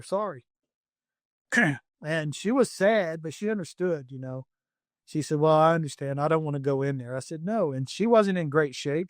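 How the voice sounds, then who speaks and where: A man's voice: fairly high pitch, no echo, studio quality. A middle-aged man, a professional hunter, telling hunting stories in a plainspoken, blunt way with many fillers and restarts. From United States. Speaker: professional hunter and safari outfitter. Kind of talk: podcast interview storytelling.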